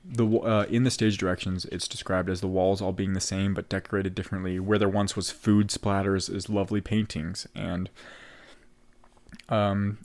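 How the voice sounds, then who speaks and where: A man's voice: sits low, flat delivery, moderate pace, a little mellow. A man co-hosting a casual theatre podcast, retelling a play scene by scene and quoting its lines with the odd laugh. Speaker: podcast co-host. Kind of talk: casual chat recapping a play.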